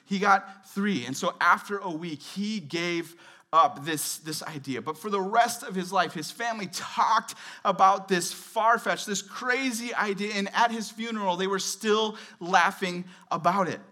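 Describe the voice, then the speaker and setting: A man in his thirties giving a relaxed, chatty guest sermon with light humor and lots of fillers. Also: high-pitched, unhurried. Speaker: guest pastor. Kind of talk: conversational sermon. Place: church service.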